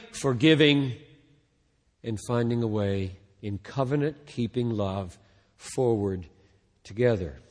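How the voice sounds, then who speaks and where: A man preaching a sermon in a slow, deliberate way, swelling loud on key words and then falling almost to a hush at the ends of phrases. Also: on the high side, in a large hall. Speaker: pastor.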